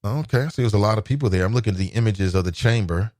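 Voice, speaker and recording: Fairly low and darkish in tone, this man speaks very fast, recorded in a clean studio without echo. The Cincinnati-accented American hosts a call-in talk show, keeping it conversational and reacting to listener remarks with laughs and exclamations.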